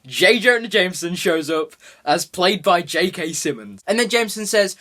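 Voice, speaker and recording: High-voiced excitable man reviewing a film. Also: normal speed, few pauses. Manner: excitable, many "like" fillers.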